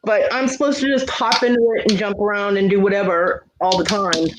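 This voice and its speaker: A man's voice: sits high, steady tone, fairly quick, noisy background. A man hosting a casual livestream chat, venting in a profane, aggrieved way. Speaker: livestream host. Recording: dull lo-fi stream audio.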